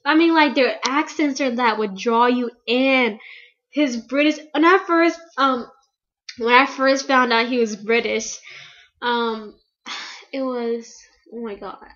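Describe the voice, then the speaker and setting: A woman's voice: a little high, slow pace, fairly bright tone. Gushing teenage girl, lo-fi webcam sound. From United States. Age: teen. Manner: gushing, rambling with many fillers. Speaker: vlogger. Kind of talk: casual fan vlog.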